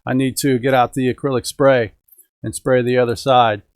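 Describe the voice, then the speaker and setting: A chatty middle-aged man hosts a casual hobby stream from his home, talking straight to his viewers. His voice sits at an everyday middle pitch. The sound is close and dry, with almost no room echo. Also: level tone, moderate pace, smooth. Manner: chatty, upbeat, talks to viewers and the chat. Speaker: host of a radio-control hobby live stream. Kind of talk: casual live-stream chat. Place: home indoors.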